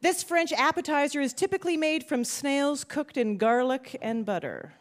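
Lively woman quiz host. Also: sits high, normal speed, noisy background. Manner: bubbly, laughs often. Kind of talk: live radio quiz hosting.

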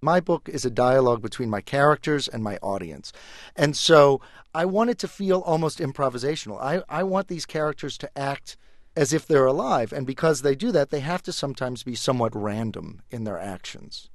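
Animated man, author guest on radio. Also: mid-range voice, normal speed, no echo, studio quality. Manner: playful, animated explaining. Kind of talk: radio interview.

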